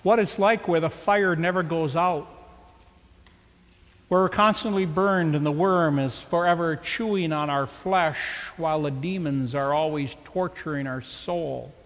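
A man's voice: fairly high pitch, measured pace, in a large hall. A man preaching a sermon with dramatic rhetorical questions. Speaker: pastor.

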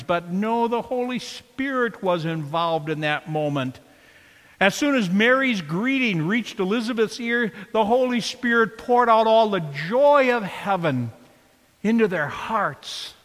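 Slow, high-voiced male preacher. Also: in a large hall. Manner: expressive, questioning, emphatic. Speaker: pastor. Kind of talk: sermon.

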